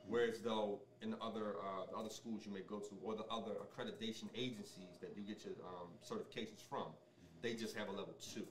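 A man with a fairly low voice talks through his subject as an interview guest, relaxed and explanatory, often pausing with ums and restarting sentences. He sits a little back from the mic in a roomy, echoing space with faint background noise. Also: recorded from a distance. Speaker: sommelier guest. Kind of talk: casual interview conversation.

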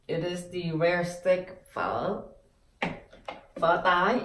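A woman teaching pronunciation, sounding out each syllable slowly and repeating words. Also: fairly low pitch, lively intonation, a bit bright, echoey room, far from the mic. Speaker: language teacher. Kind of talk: slow pronunciation lesson.

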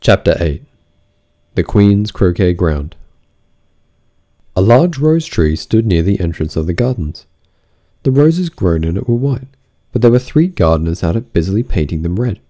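A man narrating an audiobook of a classic tale in an expressive, theatrical reading. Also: low-pitched, moderate pace, long pauses.

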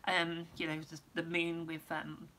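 A woman, a musician giving a casual vlog update, rambling with many pauses and restarts, her voice going hoarse. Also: lowish voice, completely flat delivery, pushed and bright, a little hiss or hum. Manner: rambling, lots of ums and restarts. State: losing her voice, clearing throat.

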